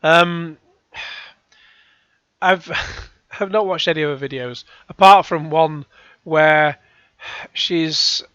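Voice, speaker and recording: A man's voice: fairly high pitch, drawn-out words, pauses often, sharp tone, smooth, no room sound, muffled recording. A man giving rambling, sarcastic commentary as a YouTube reaction host. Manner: rambling, sarcastic, with frequent sighs and restarts.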